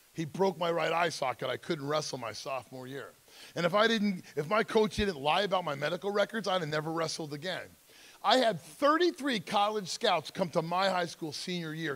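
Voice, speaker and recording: Gravelly-voiced man telling his story. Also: on the high side, a bit bright. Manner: acts out quoted voices, emphatic, intense. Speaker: speaker at a school drug seminar. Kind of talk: personal storytelling talk.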